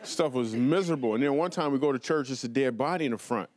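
A man's voice: mid-range voice, dry recording. Playful man telling stand-up stories. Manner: animated, playful, quick asides to the audience. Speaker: stand-up comedian. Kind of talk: stand-up comedy storytelling. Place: television studio before a live audience.

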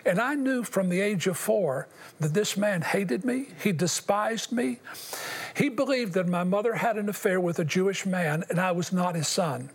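Older man, high voice, husky, earnest halting personal testimony, interview guest. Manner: earnest, halting, with long pauses.

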